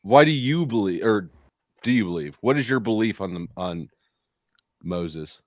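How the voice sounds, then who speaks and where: A man's voice: fairly low pitch, animated, normal speed, dry recording. A man hosting a livestream panel, blunt and teasing, cutting in on the other guests. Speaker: livestream host. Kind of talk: casual panel chat.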